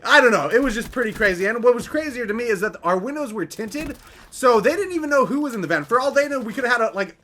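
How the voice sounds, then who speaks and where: A young man casually telling a story, chatty and animated, filling his talk with "like" and "right?". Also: very high-pitched, fast talker, a little hiss or hum.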